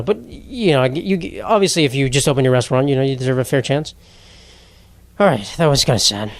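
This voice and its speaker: A man's voice: a little high, dry recording. A young man hosting a solo comedy podcast, rambling bluntly and mocking himself, often laughing mid-sentence. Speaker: podcast host.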